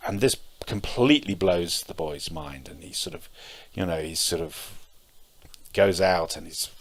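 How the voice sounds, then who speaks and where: A middle-aged man giving a Zen dharma talk, telling stories in a hesitant way with many pauses and fillers. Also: sits low. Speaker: Zen teacher.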